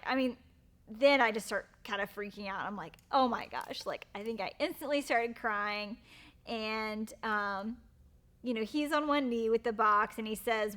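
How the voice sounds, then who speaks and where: A young woman chattily recounting her proposal in a gushing, animated way. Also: a little high. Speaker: bride-to-be telling the proposal story. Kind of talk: casual storytelling.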